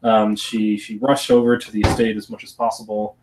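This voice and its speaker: A man's voice: lowish voice, flat delivery, brisk, recorded from a distance, background noise. A man narrating a tabletop game as game master, hesitant and full of restarts, recording from a room at home. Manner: hesitant, many fillers and restarts.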